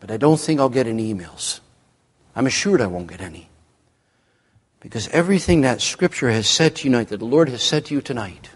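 Male pastor, sermon delivery, unhurried and emphatic, long hall reverb. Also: husky. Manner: slow, emphatic delivery with sweeping pitch. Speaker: preacher. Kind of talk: evening sermon.

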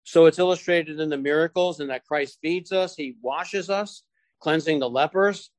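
A man preaching a sermon to his congregation, slowing down and stressing key phrases as he quotes scripture. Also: on the high side, no room sound.

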